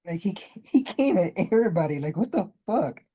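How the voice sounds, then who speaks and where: A podcast co-host chiming in with quick, profane, laughing asides in casual chat. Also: mid-range voice, expressive, dark tone, breathy edge. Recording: dull lo-fi recording.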